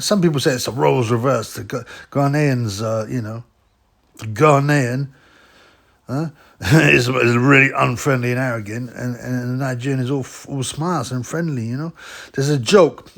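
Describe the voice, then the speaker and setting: A man rambles through casual boxing commentary with a gravelly, fry-laden voice. He is blunt and mocking, and his pitch sits in an ordinary middle range. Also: moderate pace. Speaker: boxing vlogger.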